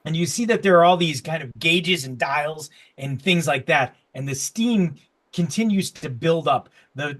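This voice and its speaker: A man's voice: high-pitched, a bit bright. A man narrating a tabletop game as game master, rambling with restarts as he describes the scene. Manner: rambling, full of fillers and restarts.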